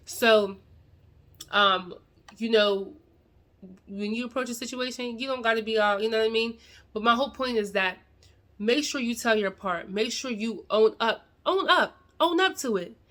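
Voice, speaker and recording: A woman's voice: on the high side, fairly even intonation, moderate pace, long pauses, a bit bright. A woman, talking straight to her viewers in an earnest, preachy way about owning your mistakes. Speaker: video creator giving life advice. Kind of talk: casual talk to camera.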